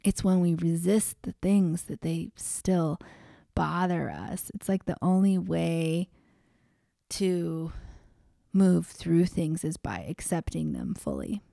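A woman calmly talking through a personal reflection, unhurried, with frequent pauses and filler words. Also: fairly low pitch, vocal fry, dry recording, studio quality. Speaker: vlogger.

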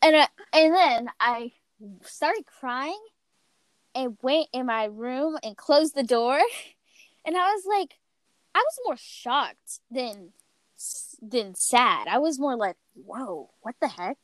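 Animated young woman telling a story. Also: high-pitched, takes it slowly, no echo, rough recording. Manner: animated storytelling, acts out quotes. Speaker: podcast host. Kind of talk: casual chat.

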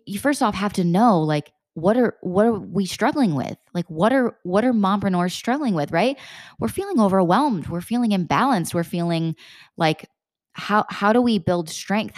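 A woman's voice: fairly low pitch, darkish tone, dry recording, studio quality. A young woman coaching mothers on mindset, in an earnest motivational talk that keeps repeating questions and drops the odd swear word.

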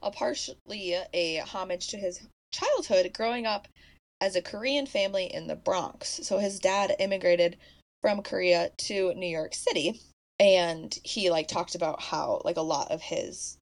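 A young woman co-hosting a podcast, retelling a film's plot in casual chat, animated and full of "like" fillers, laughing often. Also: on the low side, unhurried. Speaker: podcast co-host. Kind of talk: casual movie recap chat.

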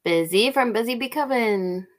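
A woman's voice: a little high, animated, normal speed. A woman from the US Midwest co-hosting a casual podcast chat, teasing and laughing often. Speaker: podcast co-host.

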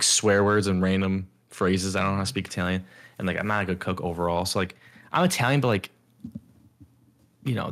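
A young man co-hosting a podcast, chatting casually, rambling with lots of filler words and slipping into animated impressions. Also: lowish voice, gravelly. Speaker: podcast co-host. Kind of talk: casual chat.

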